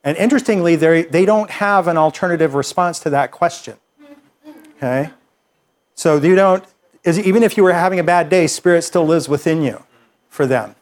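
Male workshop instructor, slightly higher voice, easygoing explainer who talks through ideas with a live group. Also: normal speed. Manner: relaxed, conversational explaining with fillers and restarts.

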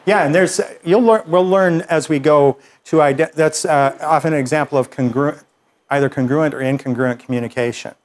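A man leads a live workshop and explains ideas to the group in an easy, conversational way. His voice sits a little on the high side, and he circles back on his words as he thinks aloud. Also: moderate pace. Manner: relaxed, conversational explaining with fillers and restarts. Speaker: workshop instructor.

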